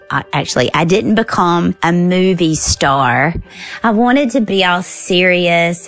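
Animated Southern woman telling a story. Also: lowish voice. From American South. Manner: lively, animated storytelling with acted quotes. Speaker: storyteller guest. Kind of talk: personal storytelling.

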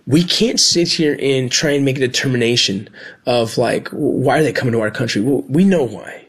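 A former Border Patrol agent and medic, a man speaking earnestly about his past work, halting at times with restarts. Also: mid-range voice, breathy edge. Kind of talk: personal storytelling.

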